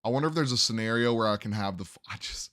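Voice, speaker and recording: With a lowish, slightly bright voice, the young sports podcaster races through his game predictions, casually questioning his picks as he goes. There's no echo, and the studio sound is clean.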